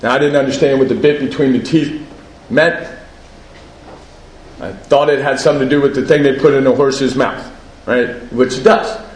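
A man's voice: medium pitch, steady tone, moderate pace, reverberant, rough recording. A man giving a personal share at a recovery meeting, conversational, often asking "right?" and laughing at himself.

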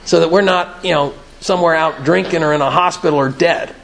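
A man shares at an evening recovery meeting in a plain-spoken, earnest way, telling stories as he goes. His voice sits a little high and carries a rough, gravelly edge. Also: a little fast, fairly bright tone, slight background noise. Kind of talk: conversational talk at a recovery meeting. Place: meeting room, evening gathering.

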